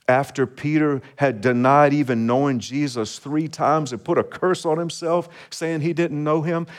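A man preaching a sermon as pastor, earnest and repetitive, chuckling between phrases and building in intensity. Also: mid-range voice.

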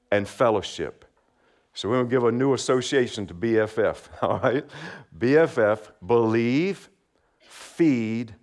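A man preaching a simple sermon, friendly and encouraging, asking the congregation to repeat words back and laughing lightly between points. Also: medium pitch. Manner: friendly, asks for call-and-response, laughs often. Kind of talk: children's sermon.

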